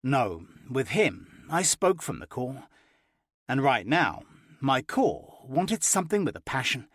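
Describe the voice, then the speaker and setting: A man narrating a first-person romance audiobook with an expressive, playful reading. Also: medium pitch, slow pace, no echo, clean studio sound.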